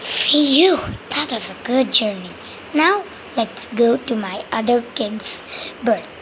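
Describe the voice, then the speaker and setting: High, slow-talking woman telling a playful story. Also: lively intonation, noisy background. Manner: chatty, sing-song, voices many bird toys. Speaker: children's channel storyteller. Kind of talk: playful toy play narration.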